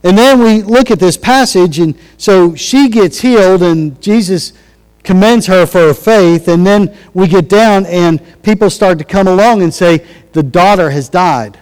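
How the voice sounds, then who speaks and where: A man's voice: high-pitched, unhurried, a little mellow, clear, resonant tone, big-room sound, rough recording. A man preaching a sermon in a conversational way, acting out quotes as he goes. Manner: conversational, restarts and acted-out quotes. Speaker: pastor.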